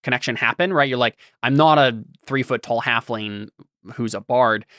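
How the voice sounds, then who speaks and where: A man's voice: mid-range voice, normal speed, sharp tone, no echo, clean studio sound. A man in casual podcast chat, explaining ideas thoughtfully with frequent ums and restarts. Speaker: podcast guest.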